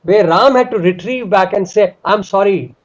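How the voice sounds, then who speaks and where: High-voiced man telling sacred stories. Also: moderate pace. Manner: animated, emphatic retelling. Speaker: spiritual storyteller. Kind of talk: devotional scripture storytelling. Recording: dull lo-fi recording.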